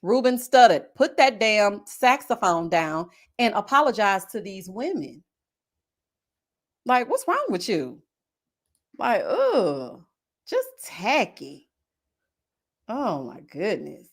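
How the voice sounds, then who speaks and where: A woman who hosts a live-stream reality-TV review, talking in a sassy, animated, gossipy way. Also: medium pitch, normal speed. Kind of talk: casual live-stream commentary.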